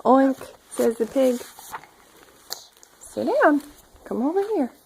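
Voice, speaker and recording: Slow, gravelly woman reading aloud. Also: high voice, animated, a little hiss or hum, low-quality recording. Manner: coaxing, gently prompting the child. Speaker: mother reading to her toddler. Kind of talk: reading a picture book aloud to a child.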